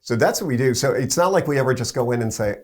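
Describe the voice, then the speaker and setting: A man, a radio program director and morning show co-host, tells an animated story and acts out the quoted voices. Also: mid-range voice, fast talker.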